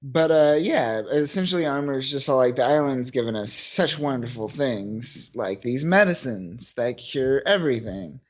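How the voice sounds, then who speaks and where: A man's voice: medium pitch, moderate pace, hardly any pauses. A man co-hosting a podcast, casually recapping a comic in a rambling, profane way and quoting the characters as he goes. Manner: rambling, profane, recaps scenes with quoted voices. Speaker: podcast co-host. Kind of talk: casual comic book chat.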